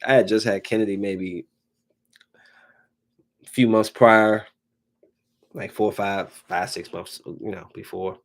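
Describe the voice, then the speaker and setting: A man's voice: lowish voice, unhurried, pauses often. A man in his thirties, a podcast host, telling stories casually and acting out voices. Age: 30s. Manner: animated, acts out voices in anecdotes. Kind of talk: casual storytelling.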